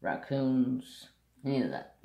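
Slow gravelly man telling a story. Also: mid-range voice, lively intonation, dark tone, roomy sound. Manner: blunt, salty rural storyteller. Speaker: craft channel host. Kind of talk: casual storytelling.

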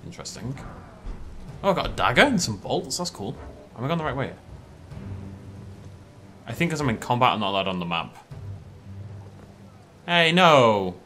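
A man's voice: mid-range voice, sing-song, normal speed, pauses often, sharp tone, faint music behind. A man giving casual let's play commentary, chatting to the characters on screen and breaking into sudden alarmed outbursts. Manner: chatty, talks to enemies, jumpy outbursts. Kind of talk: live gameplay commentary.

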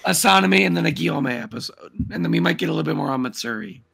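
A man co-hosting a reaction show, chatting in casual group banter, animated and jokey, often breaking off mid-sentence. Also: on the high side, racing, gravelly, slightly rough.

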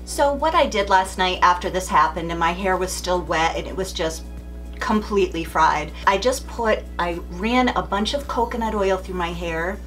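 A woman's voice: fairly low pitch, moderate pace, a bit bright, faint music behind. A middle-aged woman speaking as a beauty vlogger, telling a story in a chatty, candid way straight to the camera. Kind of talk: casual beauty vlog storytelling.

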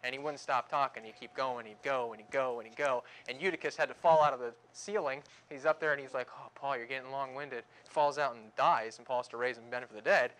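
A man's voice: mid-range voice, quick pace, hardly any pauses, a bit bright. A young male pastor preaching a conversational sermon, with joking asides and acted-out groans.

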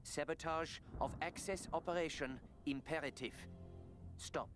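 A man's voice: fairly high pitch, measured pace, music in the background, close to an everyday voice. A man voicing a clipped telegram commander. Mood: commanding. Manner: clipped telegram-style, saying stop after each sentence. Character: stern male commander sending a coded order. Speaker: in-game audio message voice. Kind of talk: video game voice acting. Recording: noisy game audio capture.

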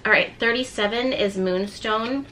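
A woman giving a tarot reading to her viewers, gently encouraging them and reading card texts aloud. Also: fairly high pitch, moderate pace, a little hiss or hum. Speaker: tarot reader.

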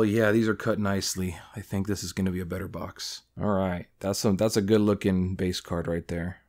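A young man hosting a casual card-opening video, chatting through each pull and bursting into loud excitement over big hits. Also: lowish voice. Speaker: card-collecting channel host. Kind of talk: casual pack-opening commentary.

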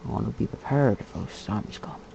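A man giving casual gameplay commentary in a put-on character voice, muttering, whispering and chatting to the animals on screen. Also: warm tone. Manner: puts on a slow, low, gravelly character voice. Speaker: gamer. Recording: dull lo-fi mic with faint hiss.

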